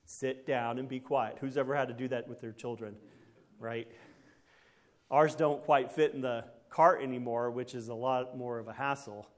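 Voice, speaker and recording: A man preaching a conversational sermon in a folksy way, often checking in with the congregation through quick tag questions. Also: mid-range voice, steady tone.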